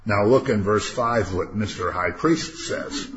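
A man with a low voice leads a casual Bible study, talking through the passage in a conversational way and acting out what people say. The recording is dull and lo-fi, with a faint hiss behind him. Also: unhurried. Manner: conversational, rhetorical questions, acts out quotes.

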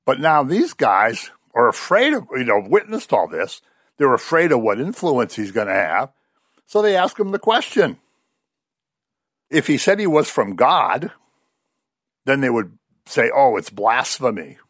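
A man delivers a sermon in a storytelling way, his pitch rising and falling with real animation. The sound is dry and close, with little room around it. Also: unhurried, pauses often, no room sound. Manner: animated storytelling, voices quoted figures. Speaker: preacher.

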